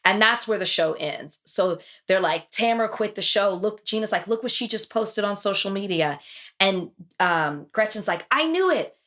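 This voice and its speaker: A woman hosting a podcast, retelling TV episodes in casual chat and acting out the quotes. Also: moderate pace. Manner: animated storytelling, acts out quotes with big pitch jumps. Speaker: podcast host.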